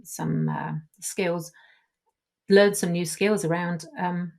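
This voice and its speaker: A woman's voice: on the low side, steady tone, slow pace, vocal fry, a little mellow. A woman hosting a podcast, speaking supportively and hesitantly, with many fillers, in casual interview chat. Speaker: podcast host.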